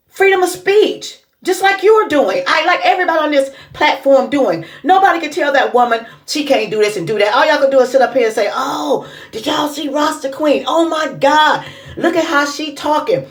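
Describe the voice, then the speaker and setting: Woman, high voice, indignant, scolding, casual commentary. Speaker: commentary vlogger.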